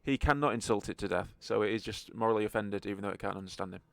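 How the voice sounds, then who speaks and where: A man's voice: lowish voice, racing, vocal fry, dry recording. A man narrating a tabletop game as game master, in a wry, joking manner.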